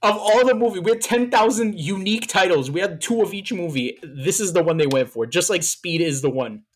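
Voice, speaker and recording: A man's voice: high voice, animated, brisk. A man co-hosting a podcast in casual chat, telling stories in a playful, teasing way and tripping over his fillers. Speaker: podcast co-host.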